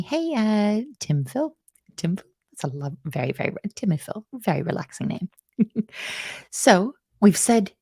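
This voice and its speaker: A woman's voice: medium pitch, dark tone, no room sound, studio quality. A woman hosting a casual live coding lesson, chatty and self-mocking as she reads out viewer comments. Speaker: coding instructor hosting a livestream.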